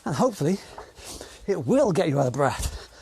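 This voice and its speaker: A man's voice: fairly high pitch, big pitch swings, moderate pace, gravelly, dark tone, breathy edge. Upbeat British man leading a workout. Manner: upbeat, encouraging, counting down reps. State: stuffy nose. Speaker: fitness instructor. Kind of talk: online exercise class instruction.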